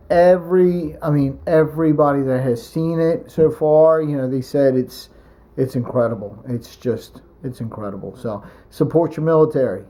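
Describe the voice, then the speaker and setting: A young man co-hosting a couple's vlog in relaxed, earnest casual chat, restarting his sentences as he goes. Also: medium pitch. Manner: laid-back, earnest, rambling restarts. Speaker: vlog co-host.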